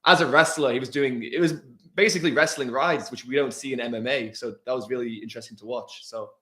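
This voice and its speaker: A young man in casual chat, relaxed and laughing easily, with some slangy phrasing. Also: medium pitch, fast talker. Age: young adult. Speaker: guest, host's son.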